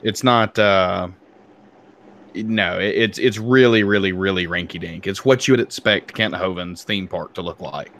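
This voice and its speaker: A man's voice: low-pitched, moderate pace, fairly bright tone, a little hiss or hum. A man from South Alabama with a light Southern accent, joking around and laughing on a casual podcast call. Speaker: podcast guest. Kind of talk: casual chat.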